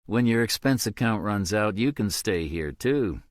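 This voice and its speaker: A man voicing a middle-aged priest who talks in a plain, low-key, earnest way in an audiobook. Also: lively intonation, measured pace, dry recording, studio quality.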